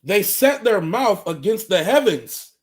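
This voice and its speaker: A man reading scripture verses aloud in a slow, deliberate way. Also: high-pitched, big pitch swings. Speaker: scripture reader.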